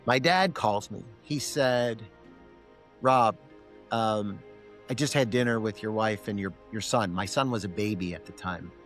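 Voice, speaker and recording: A man's voice: lowish voice, unhurried, faint music behind. A middle-aged man, a podcast guest, telling a personal story and acting out both sides of a remembered conversation. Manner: animated, acts out both sides of remembered dialogue.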